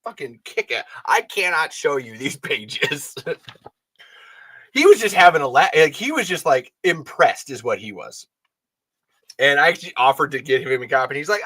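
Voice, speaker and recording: A man hosting a fan show in loose, rambling chat. His voice is bright and forceful, his delivery excitable and full of swearing. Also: on the high side. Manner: excitable, profane, rambling, quick to laugh. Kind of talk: casual chat.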